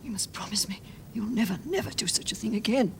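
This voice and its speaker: A woman's voice: medium pitch, expressive, fast talker, a little hiss or hum, close to an everyday voice. An older woman in a period TV drama, speaking in a fond, fretful way.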